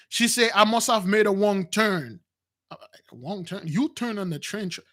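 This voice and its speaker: Pitched high and moving at a moderate pace, the man hosts a spiritual channel and recounts a dramatic story about himself. He performs the quoted lines with animation, calls his listeners "brothers," and speaks in non-standard grammar, restarting and repeating as he goes.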